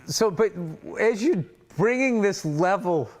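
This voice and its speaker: A man's voice: high voice, animated, slow, darkish tone, a little hiss or hum. A man co-hosting a podcast in casual chat, reacting and cutting in with comments. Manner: reactive, jumps in with comments and exclamations. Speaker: podcast co-host.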